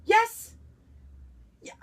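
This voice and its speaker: A woman playing a haughty, melodramatic socialite with a self-styled French heritage, who swings between imperious outbursts and breathy whispers in a comic monologue. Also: very slow. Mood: haughty, indignant.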